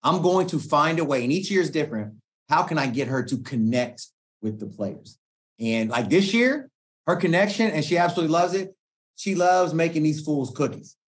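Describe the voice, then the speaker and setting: A middle-aged man, a guest coach, telling stories in a relaxed podcast chat, slangy and animated, often acting out what people said. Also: fairly high pitch, normal speed. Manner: animated slangy storytelling, acts out quoted speech. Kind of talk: casual podcast conversation.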